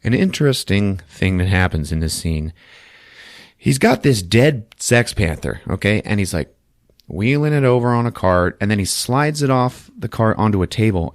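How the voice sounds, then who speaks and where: A man's voice: on the low side, no echo, clean studio sound. A man hosting a podcast, recapping a film in casual chat, laughing often and acting out scenes as he goes. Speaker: podcast host.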